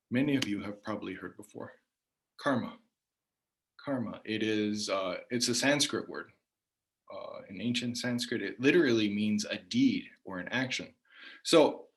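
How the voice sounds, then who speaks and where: A man giving a measured spoken lecture on the meaning of words, often letting phrases trail off softly at the end. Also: fairly low pitch. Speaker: language teacher.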